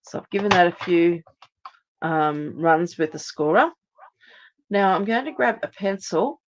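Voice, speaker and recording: A hoarse, lower-pitched middle-aged woman talks viewers through a craft project step by step, chatty and full of ums. The audio sounds dull and muffled, like a home live stream. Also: unhurried, slight background noise. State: hoarse, recovering voice. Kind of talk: live card-making demonstration.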